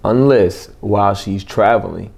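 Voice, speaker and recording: A young adult man telling stories in a relaxed, casual chat as a podcast co-host, with many restarts. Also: lowish voice, a little slow, vocal fry, breathy edge. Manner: storytelling, loose and laid-back with restarts.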